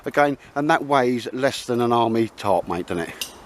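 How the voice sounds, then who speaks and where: Man, host, rambling and matey, mid pitch, faint noise behind. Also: lively intonation, normal speed. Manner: rambling and matey, always saying mate and sir. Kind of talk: casual chat. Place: woods outdoors.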